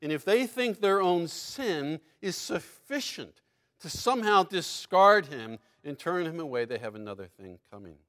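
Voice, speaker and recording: A man preaching a sermon, reading scripture aloud with lively emphasis and breaking into asides and small laughs. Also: fairly high pitch, moderate pace.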